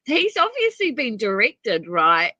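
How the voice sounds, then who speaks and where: A woman from New Zealand co-hosting a podcast in casual chat, quick to laugh and agreeable. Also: fairly high pitch, wildly swooping pitch, pushed and bright, breathy edge, no echo, lo-fi sound. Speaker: podcast co-host.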